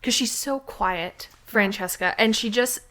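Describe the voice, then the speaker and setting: A woman's voice: mid-range voice, a little slow, pushed and bright. Chatty woman gushing with many restarts. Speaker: podcast co-host. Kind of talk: casual chat.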